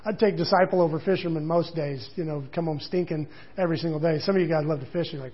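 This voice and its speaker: Male pastor, high and husky voice, casual sermon delivery, dull lo-fi sound. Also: fairly even intonation, fast talker, hardly any pauses. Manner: conversational, with casual asides and quoted voices.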